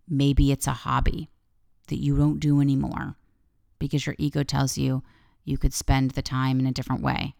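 A woman's voice: extremely low pitch, clear, resonant tone, no room sound, clean studio sound. A woman hosting a solo podcast, talking candidly and casually, swearing freely and drifting off on tangents. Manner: wandering off on tangents. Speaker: podcast host.

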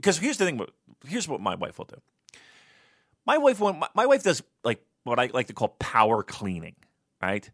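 A man co-hosting a casual podcast, telling profane stories and mimicking his wife in a high voice. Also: wildly swooping pitch, normal speed, no room sound, studio quality. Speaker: podcast co-host. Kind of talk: casual chat, profane storytelling.

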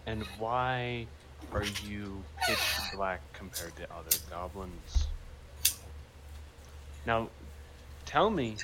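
A man's voice: lowish voice, animated, slow pace, pauses often, heavy background noise. A man playing a tabletop game, speaking bluntly and acting threatening in character. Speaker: player.

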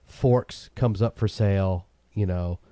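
A man's voice: low voice, slow pace, mellow, no echo. A man hosting a casual chat, talking in loose, opinionated asides. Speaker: podcast host.

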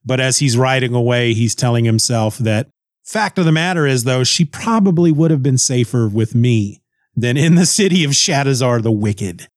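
A man's voice: medium pitch, normal speed, no room sound. Guy chatting through a comic recap, wry, repeats himself, mid voice, dead dry mic. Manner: casual, repeats words, wry. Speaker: comic book reviewer.

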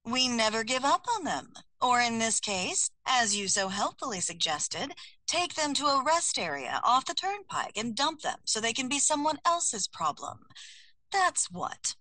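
A woman's voice: fairly high pitch, sing-song, measured pace, sharp tone, no echo, full character voice. A woman doing an exasperated, sarcastic heroine. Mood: wry. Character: exasperated woman wrangling her magical pets. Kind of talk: audiobook character voice.

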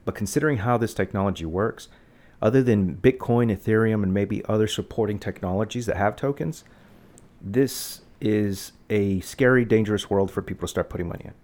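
A woman's voice: a bass voice, fairly quick, darkish tone. A woman hosting a casual podcast, rambling and self-mocking with frequent restarts. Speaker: podcast host.

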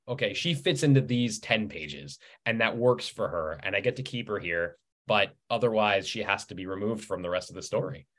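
Lively storytelling man. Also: fairly low pitch. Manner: lively storyteller, laughs often, acts out quoted lines. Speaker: writer, podcast guest. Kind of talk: casual interview chat.

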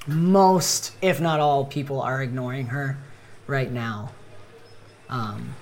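A woman narrating as game master, relaxed and hesitant, with frequent ums. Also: rumbling low, slow pace, a little hiss or hum.

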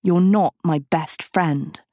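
A woman reading an audiobook, voicing a gruff, bitter teenage girl with curt, grumpy replies. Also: lowish voice, slow pace, mellow. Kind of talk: audiobook character voice.

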